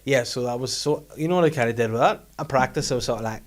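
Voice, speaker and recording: A man's voice: medium pitch, fast talker. A man, hosting a casual podcast chat and joking around with silly voices. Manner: jokey, slips into silly put-on voices. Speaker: podcast host.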